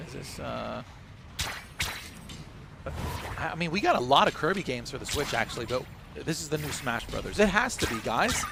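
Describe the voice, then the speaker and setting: A man streaming a live reaction, talking in an excitable, exclaiming and rambling way. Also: mid-range voice, moderate pace, creaky, pauses often, noisy background. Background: loud presentation audio and music.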